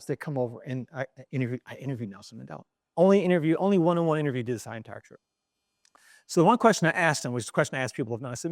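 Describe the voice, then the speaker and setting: A middle-aged man from East Baltimore, a journalist telling an animated anecdote in an interview, with frequent restarts. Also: mid-range voice, fast, dry recording, studio quality. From East Baltimore, USA.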